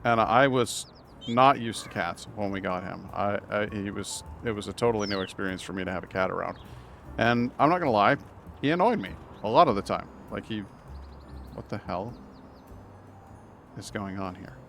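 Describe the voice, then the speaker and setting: A man's voice: on the low side, normal speed, creaky, slight background noise. Chatty man streaming a game. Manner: rambling, warm storytelling with frequent restarts. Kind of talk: casual live-stream chat.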